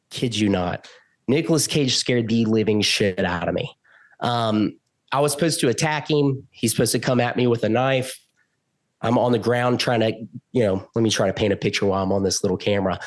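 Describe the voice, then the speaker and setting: A man telling a story as a podcast guest, acting out the quoted lines with big jumps in pitch. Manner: animated, acts out quotes with loud jumps in pitch. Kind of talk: casual storytelling.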